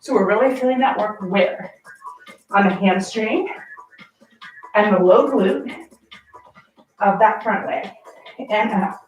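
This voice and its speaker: A winded woman teaching a barre class at an unhurried pace, counting reps and calling out short encouraging cues. She is picked up from some distance in an echoey room, with faint music playing behind her. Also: medium pitch. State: out of breath from exercising. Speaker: barre fitness instructor. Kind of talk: guided workout class cueing.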